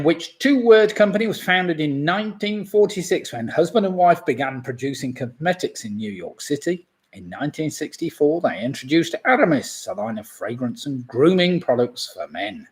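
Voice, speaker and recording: A man hosts a live online pub quiz from home. He reads answers and team scores in a chatty, easygoing way and drops small jokes between questions. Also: fairly high pitch. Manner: chatty, jokey asides while reading answers.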